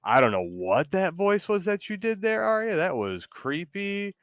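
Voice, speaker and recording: A man's voice: sits high, big pitch swings, unhurried, a bit bright, clean tone, dry recording. A man hosting a casual chat, hesitant and giggly, full of ums and restarts. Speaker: streamer host.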